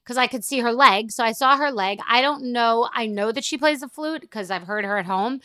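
A woman's voice: fairly high pitch, moderate pace, pushed and bright, no room sound. A middle-aged woman hosting a podcast, telling a rambling, exasperated story in a solo rant. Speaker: podcast host.

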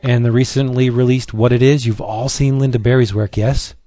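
A man with a middle-pitched voice chats enthusiastically about comics as a podcast host. His voice is dry and close, with no room sound. He rambles in a friendly, easygoing way. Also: steady tone, a little fast, mellow, dry recording. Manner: enthusiastic, chatty. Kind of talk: casual chat.

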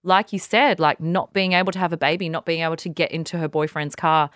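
A woman co-hosting a casual podcast, her voice low and noticeably smooth. She walks through the news earnestly, stacking one point after another. The sound is close and dry, with no room around it. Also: steady tone, quick pace, fairly bright tone, dry recording. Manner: earnest, retells news in long lists. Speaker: podcast co-host. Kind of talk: casual chat.

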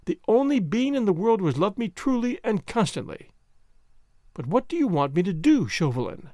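A man's voice: high-pitched, sing-song, moderate pace, warm tone, dry recording. A desperate noblewoman begs for her brother's safety in a despairing, pleading voice, as a male narrator voices her. The line rises and falls freely in this storybook reading, heard in a dry, close space.

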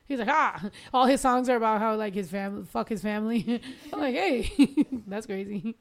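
A woman's voice: fairly high pitch, moderate pace. A woman in her thirties hosting a casual podcast chat, teasing her guests with plenty of laughter and swearing. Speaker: podcast host.

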